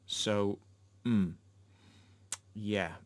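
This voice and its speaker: A man's voice: on the low side, fairly even intonation, extremely slow. A man giving a casual film review, rambling and swearing with lots of fillers and restarts. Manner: rambling and profane, with many fillers.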